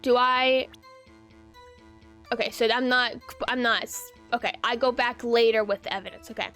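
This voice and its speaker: A woman's voice: a little high, steady tone, moderate pace, fairly bright tone, faint music behind. A woman streamer giving casual gameplay commentary, chatty and self-correcting, her voice a bit weak from a recent illness. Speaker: let's play streamer.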